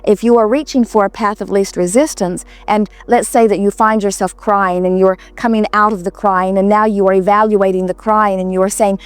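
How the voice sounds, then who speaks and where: A woman giving an inspirational talk to a live audience, speaking as a collective "we" in a calm, reassuring way with repeated phrases. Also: mid-range voice, normal speed, hardly any pauses, clear, resonant tone, no room sound. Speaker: seminar speaker answering audience questions.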